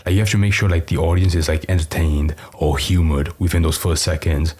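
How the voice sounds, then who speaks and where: A man with a very low voice riffs through a casual reaction commentary. He talks loosely and relaxed, leaning on filler words as he goes. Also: a little fast, slightly rough. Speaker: reaction host.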